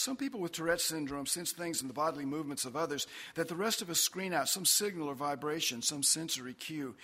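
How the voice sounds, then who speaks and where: A man's voice: a little high, sharp tone, breathy edge, big-room sound, voice pushed up, exaggerated voice. A man voicing a wry, casual male devil chatting in an airport, in a laid-back, sardonic way.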